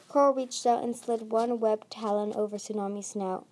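A woman reading a fantasy novel aloud, slowly and haltingly, with frequent restarts. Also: a little high, steady tone, darkish tone. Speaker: audiobook reader. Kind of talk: amateur audiobook narration.

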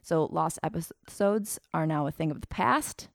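A woman's voice: deep voice, unhurried, gravelly, no echo, clean studio sound. A young woman hosting a podcast, talking in a rambling, self-deprecating way in casual chat. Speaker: podcast host.

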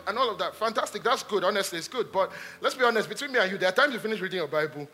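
High, bright-voiced preacher. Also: male voice, expressive, very fast. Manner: emphatic, repetitive, swings between loud exhortation and hushed asides. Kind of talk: sermon.

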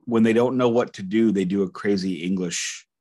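A man's voice: on the low side, warm tone. Joking man in casual podcast chat. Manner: halting, joking, self-interrupting. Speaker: podcast co-host. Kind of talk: casual album review chat.

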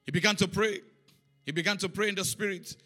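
A man preaching with a high, ringing, bright voice. He tells his story in an animated way, repeating phrases and chanting syllables for emphasis. Faint music plays softly behind him. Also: fast. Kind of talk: sermon.

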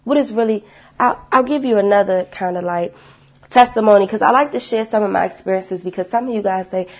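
A woman sharing her life story with viewers in a casual, animated testimony, blunt and swearing freely. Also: mid-range voice, a little fast.

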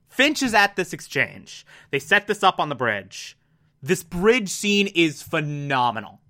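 Bright, gushing TV recapper. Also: medium pitch. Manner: gushing and animated, with sudden excited outbursts. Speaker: TV episode recapper. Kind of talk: excited casual recap.

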